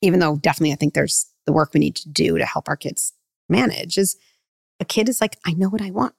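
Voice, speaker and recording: A middle-aged woman psychologist giving parenting advice in a podcast interview, animated and full of "like", acting out parent and child lines. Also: low voice, quick pace, gravelly, no echo, studio quality. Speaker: clinical psychologist guest.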